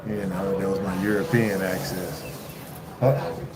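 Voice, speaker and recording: A man livestreaming casually from his phone while traveling, rambling and halting with many fillers and restarts. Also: low-pitched, fairly even intonation, over loud music, poor audio. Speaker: vlogger livestreaming. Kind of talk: casual live-stream chat. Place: indoors at a lodging while traveling. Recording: loud background noise.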